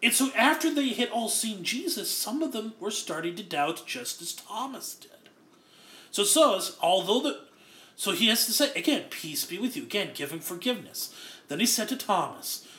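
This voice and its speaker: A man gives an earnest expository sermon, working through the meaning of words. His voice sits high and sounds bright and forceful. The room around him is echoey. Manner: earnest, explains Greek word by word. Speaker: preacher.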